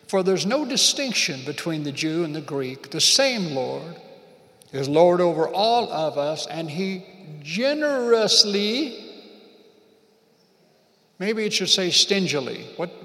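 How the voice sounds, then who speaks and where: A man's voice: a little high, a bit bright, long reverb tail. A man preaching and praying at a church service, fervent, repeating phrases and leading the congregation to say lines back. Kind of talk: prayer and sermon.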